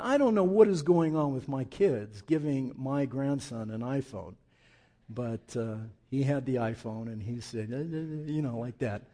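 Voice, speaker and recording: High-voiced older man preaching a sermon. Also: dark tone. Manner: emphatic, conversational preaching with asides. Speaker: pastor.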